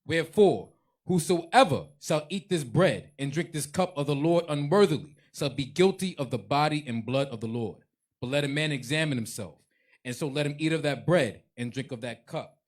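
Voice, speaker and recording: A man reading scripture aloud in a measured, formal way, ending in prayer. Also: a little high, lively intonation. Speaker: scripture reader.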